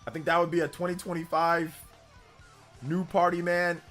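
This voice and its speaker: A man's voice: on the high side, flat delivery, normal speed, a bit bright, soft background music. A man hosting a casual live stream, hyped up, reading out and thanking donors as he chats. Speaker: livestream host.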